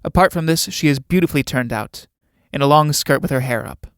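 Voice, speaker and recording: A man's voice: medium pitch, fairly quick, fairly bright tone, no echo. Man reading stage directions, dry sound. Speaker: narrator reading a play aloud.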